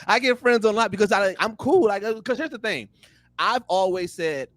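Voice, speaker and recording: High-voiced young man, dry close sound. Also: a little fast, dry recording. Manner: animated, repeats "here's the thing" and "you know what I'm saying". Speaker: podcast guest. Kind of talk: casual chat.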